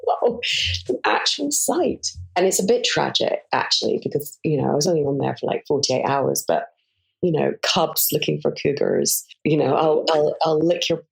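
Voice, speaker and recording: A woman's voice: deep voice, sing-song, moderate pace, creaky. A woman in her forties, a podcast guest telling frank, self-mocking stories in a candid interview. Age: 40s.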